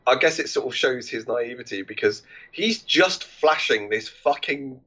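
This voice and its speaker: A man's voice: mid-range voice, lively intonation, pushed and bright. Man chatting on a muffled, lo-fi mic. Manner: halting, loose talk with casual swearing. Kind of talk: casual chat.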